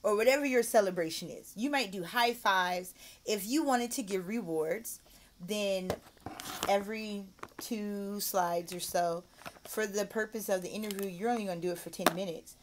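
A woman's voice: mid-range voice, a little hiss or hum. A woman giving a mock online English lesson, switching between explaining to viewers and a sing-song voice modeling praise and phrases for young learners. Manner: slow, drawn-out model phrases. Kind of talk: mock teaching demo with explanation.

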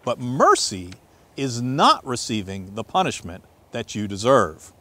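Lively, expressive male pastor preaching. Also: medium pitch, a little slow. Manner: expressive storytelling, swings between loud and hushed. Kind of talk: sermon with scripture reading.

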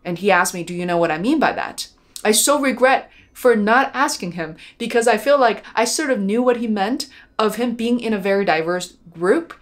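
A woman, a documentary filmmaker, telling a personal story in a reflective vlog, earnest and heartfelt, often pausing on fillers. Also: mid-range voice, expressive.

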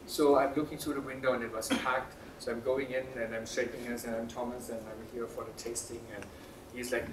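A man telling a personal story to an audience, halting and full of fillers, laughing often. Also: medium pitch, little pitch movement, background noise. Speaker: speaker at a talk. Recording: roomy sound from a distant mic.

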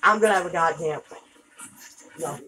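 A woman doing let's play commentary, exasperated and swearing, with loud outbursts. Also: on the low side, normal speed, rough recording. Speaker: gameplay video creator.

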